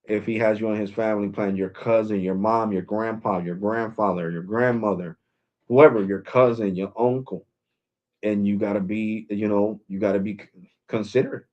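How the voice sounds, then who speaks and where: A man's voice: on the low side, steady tone, a little fast, darkish tone, muffled recording. A man, a tech YouTuber, ranting in a casual vlog, emphatic and rambling, repeating himself as he drives a point home.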